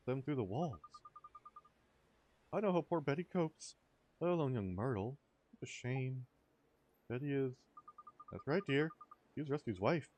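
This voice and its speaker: A man's voice: medium pitch, darkish tone, a little hiss or hum, lightly acted. A man voicing a chatty old neighbor woman who gossips in a fussy, sympathetic way. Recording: faint music behind.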